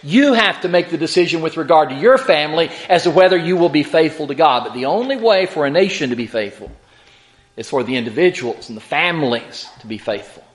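Male preacher with a high voice, measured teaching delivery, reading quotes with dramatic weight. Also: animated. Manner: slow, deliberate scripture reading with dramatic emphasis on quotes; measured teaching with repeated words and rhetorical questions. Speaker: preacher teaching a Bible lesson. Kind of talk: sermon.

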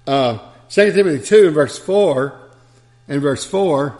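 A man's voice: mid-range voice, expressive, normal speed, gravelly, darkish tone. A man preacher delivering a sermon, telling stories with chuckles and asides.

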